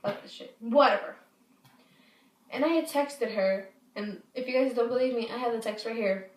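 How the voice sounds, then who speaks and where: A woman's voice: a little high, brisk, a little mellow, distant mic. A woman telling a story to her camera in a rambling, profane way, often restarting her sentences. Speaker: vlogger. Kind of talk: casual storytime. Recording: echoey room, voice off-mic.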